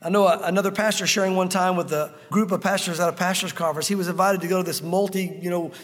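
Man, pastor, high voice, emphatic sermon delivery, long hall reverb. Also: steady tone, fast, soft background music. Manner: emphatic, conversational preaching with repetition.

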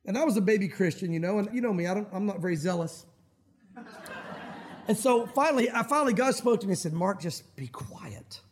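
A middle-aged man preaching a sermon as pastor, animated and acting out quoted voices. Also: sits high, fast talker, long pauses.

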